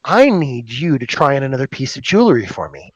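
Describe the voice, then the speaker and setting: A man voicing a flattering, gushing middle-aged female elf in a tabletop game. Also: mid-range voice, brisk, no room sound, muffled recording, voice pushed down. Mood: sweet.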